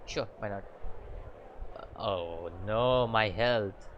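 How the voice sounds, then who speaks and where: A man playing a story game, mixing casual commentary with halting read-aloud of the game's text, often stumbling and restarting. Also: fairly low pitch, fairly bright tone, muffled recording, slight background noise. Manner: halting reading with frequent fillers and restarts. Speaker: gaming channel host.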